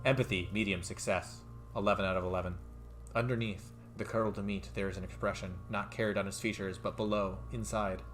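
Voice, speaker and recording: A man with a low voice reads game dialogue aloud and comments on it as he plays. His pitch leaps up when something excites him, and faint music plays under his voice. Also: a little fast. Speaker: let's play streamer.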